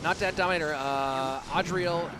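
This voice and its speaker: A man's voice: fairly high pitch, moderate pace, noisy background. A man casting a live game match, chatty and joking, and answering his chat between plays. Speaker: esports caster. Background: background music.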